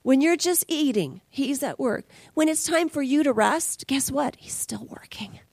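A woman's voice: sits high, animated, a little slow, a little mellow, no echo. A woman preaching a sermon as a conversational, emotional testimony, dropping at times to near whispers.

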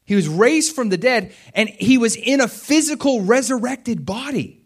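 A middle-aged man preaching a sermon, retelling scripture with lively, animated storytelling and acted-out voices. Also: very high voice, moderate pace, breathy edge. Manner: animated storytelling, acts out voices of biblical figures. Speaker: pastor.

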